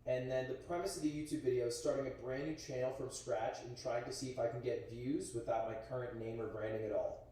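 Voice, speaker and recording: A young man in his twenties narrating his own vlog in a brisk, chatty, self-assured way. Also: mid-range voice, steady tone, dark tone. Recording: echoey, distant playback on a stream.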